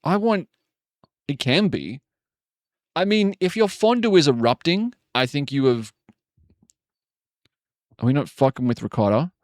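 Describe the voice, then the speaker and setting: A man's voice: on the high side, lively intonation, measured pace, pauses often, dry recording, studio quality. A man chatting casually on a live stream, rambling and joking, with frequent swearing. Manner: rambling, jokey, swears often.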